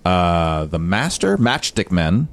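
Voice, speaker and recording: A man on a podcast, low-key, reading through a list of film titles. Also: sing-song, slow, no echo. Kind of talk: casual chat.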